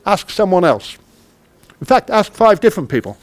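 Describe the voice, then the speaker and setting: A man's voice: high-pitched, sing-song, normal speed. A man, a project manager, giving an interactive workshop talk who quizzes the audience and acts out little dialogues. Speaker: conference speaker, project manager.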